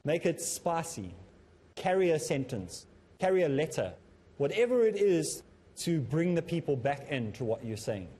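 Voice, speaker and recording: Measured man teaching, dark mellow voice. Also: on the high side, husky. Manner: self-described as a bit monotonous; measured, instructive delivery. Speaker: Islamic teacher and TV presenter. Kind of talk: televised lesson on public speaking.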